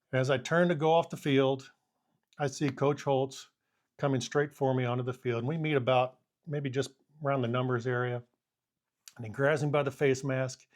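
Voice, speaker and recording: A man in his fifties, a former college punter who now coaches kickers, casually telling anecdotes and acting out the scenes. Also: mid-range voice. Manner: animated storyteller who acts out the scene with quoted lines.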